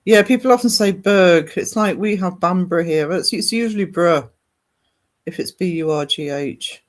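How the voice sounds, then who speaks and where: A man's voice: sits high, normal speed. A man, hosting a casual art livestream and chatting rambly with viewers.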